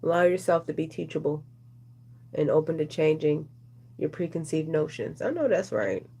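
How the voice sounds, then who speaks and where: A woman's voice: deep voice, expressive, moderate pace, mellow, husky. A woman doing a casual, rambling oracle card reading, chatting with her viewers as she goes. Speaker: tarot reader.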